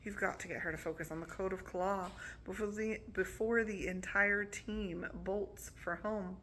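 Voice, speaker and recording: A woman's voice: medium pitch, fairly even intonation, a little slow, fairly bright tone. A woman reading a grumpy male rat. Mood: disgusted. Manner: sardonic, grumbling. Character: rat, male, gruff and disgusted.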